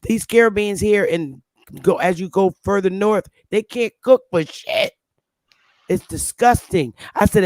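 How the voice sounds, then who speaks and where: A woman's voice: medium pitch, slow pace, darkish tone, no echo. A woman hosting a casual chat, speaking bluntly and emphatically and repeating her points. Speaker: show host.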